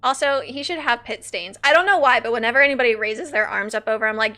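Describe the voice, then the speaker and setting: Giggly, high-voiced woman streamer. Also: quick pace. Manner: giggly, chatty, animated. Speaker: streamer playing a game. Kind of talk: casual gameplay commentary.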